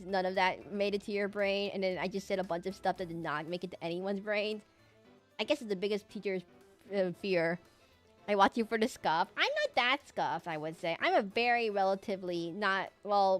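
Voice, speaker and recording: Rambling young woman art streamer. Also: medium pitch. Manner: rambling, self-deprecating, chatty. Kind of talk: casual chat while drawing live.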